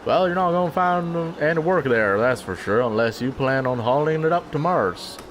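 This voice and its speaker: A man's voice: a little high, lively intonation, normal speed, faint music behind, lightly acted. A man voicing a weary male banjo player with a put-on Southern accent, grumbling in a drawl. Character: weary male banjo player, drifter, bitter about the company town.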